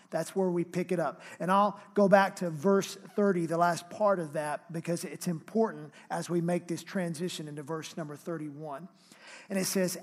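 High-voiced male preacher. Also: long reverb tail. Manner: preaching with emphatic, drawn-out scripture reading. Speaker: pastor. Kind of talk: sermon.

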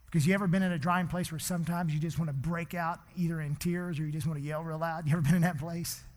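A man preaches a sermon in a church, his fairly high voice carried by a long hall reverb. He is impassioned and swings from hushed to loud. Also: steady tone, quick pace. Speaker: pastor.

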